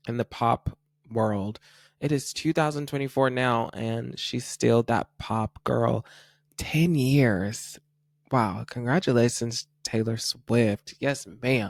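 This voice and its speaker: A man's voice: medium pitch, no room sound, studio quality. A man hosting a casual pop culture podcast, gushing and chatty, using "like" a lot and laughing at his own slips. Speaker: podcast host.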